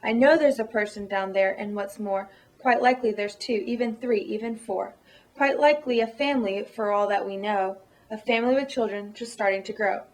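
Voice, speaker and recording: A man's voice: high voice, normal speed. A woman reading the part of a kind, loyal male elephant, speaking earnestly and pleadingly.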